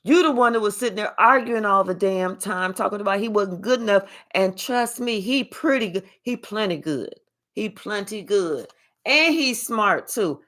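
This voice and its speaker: A woman's voice: medium pitch, animated, normal speed, fairly bright tone. A woman giving a spiritual reading as a blunt, sassy storytelling monologue full of slang. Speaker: spiritual reader.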